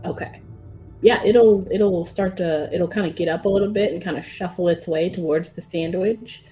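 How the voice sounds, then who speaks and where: A woman's voice: lowish voice, moderate pace, warm tone, faint music behind, rough recording. A woman running a tabletop game as game master, narrating in a rambling, casual way and laughing often.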